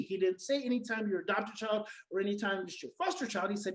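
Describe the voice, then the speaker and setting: A woman's voice: on the high side, quick pace, hardly any pauses, poor audio. A woman giving a teaching talk on parenting adopted children, emphatic and repeating her key phrases, now and then acting out everyday reactions. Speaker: conference speaker on adoption parenting.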